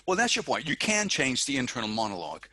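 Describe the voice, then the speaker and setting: A man's voice: mid-range voice, wildly swooping pitch, fast, bright, forceful tone, dry recording. A man hosting a conversational interview, asking teasing, playfully provocative questions. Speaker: host.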